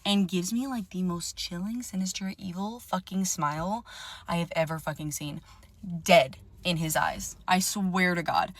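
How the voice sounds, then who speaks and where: A woman's voice: medium pitch, no room sound. Young woman, casual storytime rant, profane and fired up, dry recording. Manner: animated, profane, indignant.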